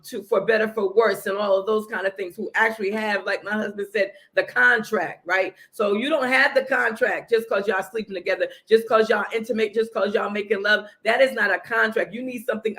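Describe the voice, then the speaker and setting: A woman's voice: medium pitch, fairly bright tone. A middle-aged woman giving marriage advice on a podcast in an earnest, coaching way, often checking in with "right?". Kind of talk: casual preaching talk.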